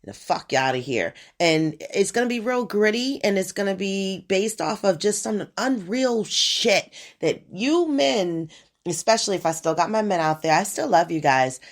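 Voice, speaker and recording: A woman in her forties hosting a podcast alone, rambling in a profane, animated casual monologue. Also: on the low side. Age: 40s. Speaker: podcast host.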